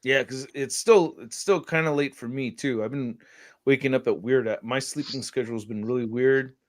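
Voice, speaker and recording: A man co-hosting a casual live stream, animated, jumping from loud outbursts to low mumbles. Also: moderate pace. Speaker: podcast co-host.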